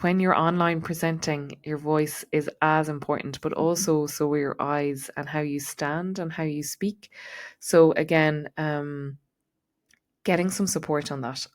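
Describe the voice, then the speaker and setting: A woman with a neutral Irish accent, giving a chatty solo podcast talk as host and coach, with frequent ums and likes. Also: low-pitched. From Ireland.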